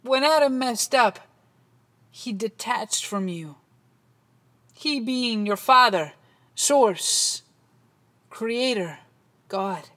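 A woman preaching a dramatic sermon that swings between hushed passages and loud ones. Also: a little high, expressive, drawn-out words, long pauses.

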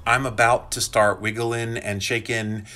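A man's voice: medium pitch, little pitch movement, unhurried, pushed and bright. A man chatting casually on a live stream from his phone, talking straight to viewers and reading their comments aloud, his voice shaking from a vibration plate. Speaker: health podcaster livestreaming. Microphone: phone held while filming.

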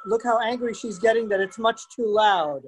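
A man's voice: high voice, moderate pace, background noise. Jokey, laughing man presenting antiques. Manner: jokey and animated, often laughing; speaks directly to children watching. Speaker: museum program presenter. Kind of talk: interactive virtual presentation for families. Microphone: video call.

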